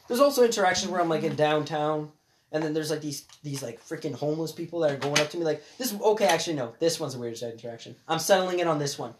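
A man's voice: on the high side, fast, slight background noise. A young man telling rambling street stories in casual chat, laughing often and acting out the people he quotes. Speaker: co-host.

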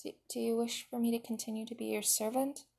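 A woman's voice: a little high, moderate pace, breathy edge, pitched above the performer's own voice. A woman voicing a timid, awestruck young male slave who stammers breathlessly.

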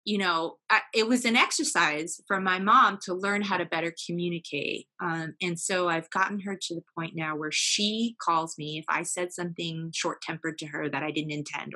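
A woman's voice: sits low, fairly even intonation, moderate pace, sharp tone. A woman telling personal family stories as a podcast guest, earnest and open, with many fillers and self-corrections. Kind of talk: candid personal storytelling.

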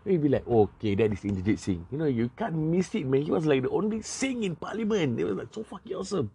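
A man's voice: a little high, animated, fast, gravelly, warm tone, slightly rough. A young man with a Singaporean accent giving casual, rambling political commentary, full of fillers and the odd swear word.

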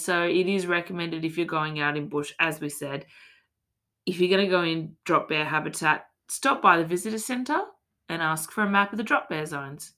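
A woman's voice: lowish voice, bright, forceful tone. An Australian woman hosting a casual podcast, telling a tall tale in a mock-serious, playful way. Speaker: podcast host.

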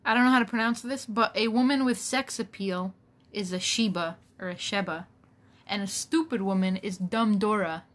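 A woman's voice: mid-range voice, fairly even intonation, fairly quick. A woman co-hosting a podcast in casual chat, with dry teasing jokes and frequent laughter. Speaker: podcast co-host.

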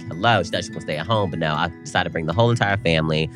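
A man with a low voice tells a story on his podcast in playful slang. His pitch leaps and drops as he goes, and soft music plays behind him. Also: big pitch swings, racing, hardly any pauses. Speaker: podcast co-host. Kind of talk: casual chat.

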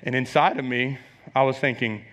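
A man's voice: mid-range voice, fairly even intonation, moderate pace, a bit bright. A man preaching a sermon, telling a personal story in an emphatic, conversational way, often repeating phrases and putting questions to the congregation. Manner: conversational, asks the audience questions. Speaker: preacher sharing a testimony. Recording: long hall reverb.

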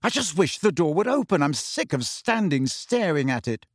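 A man's voice: mid-range voice, very animated, normal speed, no room sound, clean studio sound. A man doing an irritable teenage boy. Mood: irritable, flat.

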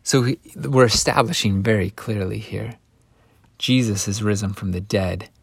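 A man's voice: on the low side, normal speed, vocal fry, husky, no room sound. A man teaching a Bible lesson, retelling the story in a conversational way with folksy asides. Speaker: scripture teacher.

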